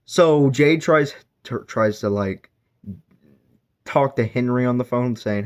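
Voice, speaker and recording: Guy chatting thru a book review, lots of likes and restarts, average pitch. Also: slow pace, clean tone. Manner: rambling, filler-heavy, self-correcting.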